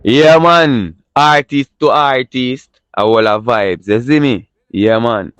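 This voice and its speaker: A man with a Jamaican accent hosting a casual entertainment news show in patois, animated and chatty, full of catchphrases. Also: medium pitch, slow pace, few pauses, smooth, no echo.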